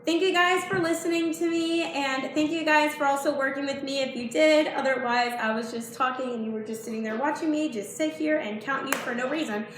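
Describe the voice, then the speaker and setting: A woman's voice: high voice, brisk, few pauses. A young woman teaching dance, chatty and apologetic, counting the beats aloud. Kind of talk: dance tutorial vlog. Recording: echoey room with faint noise.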